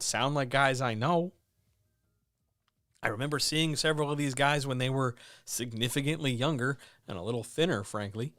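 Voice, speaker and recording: With his cats around him at home, a man hosting a stream offers frank, heartfelt motivation into a microphone, cursing liberally. His voice is mid-range and a bit bright, recorded at studio quality with no echo.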